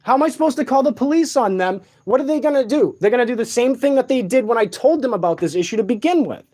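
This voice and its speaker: Late at night in a shared house, an exhausted man launches into an angry, swearing, repetitive tirade. He talks quickly in a very high, darkish voice with lively intonation.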